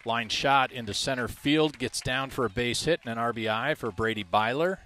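A man calling a high school baseball game play by play, reading out stats in a measured way. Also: pushed and bright. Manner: measured, stat-heavy, self-deprecating asides. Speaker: play-by-play announcer.

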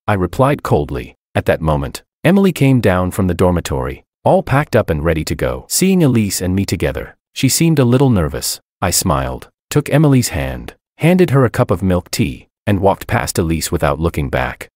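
A man narrates a first-person web story in a very low voice. His pitch swings widely as he reads. The sound is dry and close, with no room around it. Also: sing-song, moderate pace, hardly any pauses, darkish tone, dry recording.

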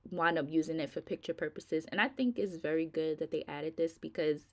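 Middle-aged woman, casual vlogger, tired and rambling, fairly low voice. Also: fairly quick. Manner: chatty, rambling, informal, addresses viewers as y'all. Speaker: nail vlogger. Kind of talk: casual chat to viewers.

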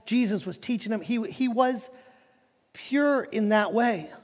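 High-voiced, animated male preacher. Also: a little slow. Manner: animated, conversational preaching with repeated words. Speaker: pastor. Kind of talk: sermon. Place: church sanctuary. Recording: long reverb of a church hall.

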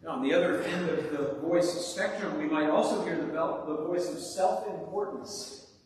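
A man preaching a sermon as pastor, with rhetorical questions and dramatic pauses, in a church sanctuary. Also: a little high, a little hiss or hum. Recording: echoey hall from far off.

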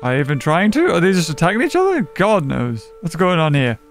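A man giving casual gameplay commentary, excitable and laughing often as he talks to other players. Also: fairly high pitch, fairly quick, faint music behind. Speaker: gaming channel host.

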